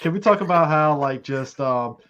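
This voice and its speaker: A man's voice: on the high side, lively intonation, fairly bright tone. Blunt man on a dull lo-fi mic. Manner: blunt, profane, quick to correct himself. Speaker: podcast co-host. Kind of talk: casual chat.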